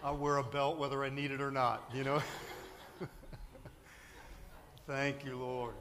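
A man's voice: medium pitch, little pitch movement, fairly quick, background noise. A man preaching a sermon from a church pulpit, telling a story with lots of fillers and restarts. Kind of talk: sermon with anecdote.

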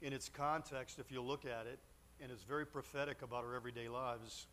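A man's voice: mid-range voice, steady tone, fairly quick, bright, forceful tone, slight background noise. A man preaching a sermon from a church pulpit, telling a story with lots of fillers and restarts. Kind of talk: sermon with anecdote.

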